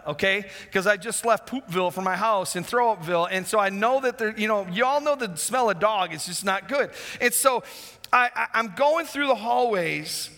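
A man preaching a sermon as a pastor, telling a personal story with lots of restarts and asides. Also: sits high. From Wisconsin, USA. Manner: animated, rambling with many restarts. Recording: long hall reverb.

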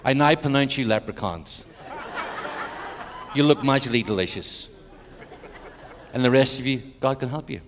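Irish preacher in a reverberant church. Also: male voice, mid-range voice, normal speed, pauses often, noisy background. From Ireland. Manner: joking with the congregation, then hushed prayer. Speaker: guest preacher. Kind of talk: sermon with jokes and prayer. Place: large church. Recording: long church hall reverb.

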